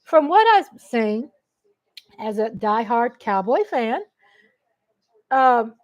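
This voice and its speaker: A middle-aged woman livestreams from home on a USB desk mic, her fairly high voice animated but slow, with lo-fi sound. She chats and rambles casually while reading viewer comments, getting emotional and laughing often.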